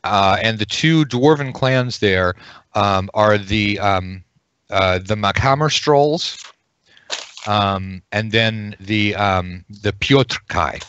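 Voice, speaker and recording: A man running a tabletop game as game master, rambling and pausing with many ums as he explains the setting over a video call. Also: fairly low pitch, fairly bright tone, clean tone, dry recording, highs cut off. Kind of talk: narrating a tabletop game session.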